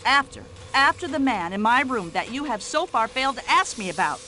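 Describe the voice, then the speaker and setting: An actress playing a brash, nosy older American widow with an American accent, fussing and complaining in a game. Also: female voice, fairly high pitch, very animated, brisk, sharp tone, slight background noise. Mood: indignant. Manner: indignant, nosy, fussy complaining chatter. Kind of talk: video game voice acting.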